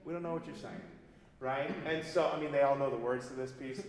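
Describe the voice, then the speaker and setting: A man's voice: mid-range voice, fairly quick. Man coaching singers in an echoey hall. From United States. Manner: lively, demonstrative, sings vocal examples mid-sentence. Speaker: voice teacher leading a master class. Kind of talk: coaching singers in a master class. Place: large recital hall. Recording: echoey hall recording from far off, faint piano.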